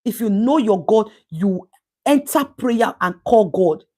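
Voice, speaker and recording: Speaking unhurriedly in a mid-range, slightly mellow voice with lively intonation, this Nigerian-accented woman reads viewer comments during her casual live stream. She gets emphatic and preachy, repeating words to drive her points home.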